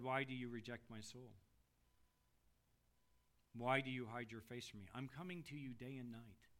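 A middle-aged man preaching an expository sermon, dramatic, moving between loud pleading passages and hushed, low readings.

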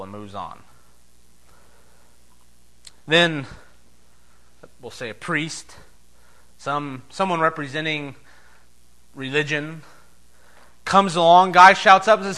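In a slow sermon marked by long pauses, a pastor speaks emphatically. He moves back and forth between loud proclamations and quiet, low asides.

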